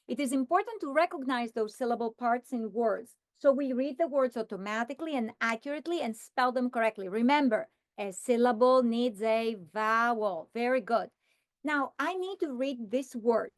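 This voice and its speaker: A woman modeling a phonics lesson for teachers, stretching out vowel sounds and words one at a time. Her voice sits fairly high, and the recording is dry and close. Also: no echo. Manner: slow, deliberate sounding-out of words. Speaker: teacher trainer.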